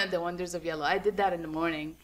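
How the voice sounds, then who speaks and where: A young adult woman, a guest runner, chatting casually on a podcast, telling her story with lots of laughs and acting out quotes in a high voice. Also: brisk, bright, forceful tone.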